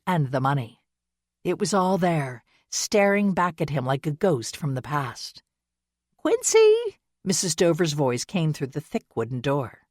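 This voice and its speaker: A woman narrating a historical romance audiobook in a measured, expressive manner. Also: low-pitched, no room sound, clean studio sound. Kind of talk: scripted narration.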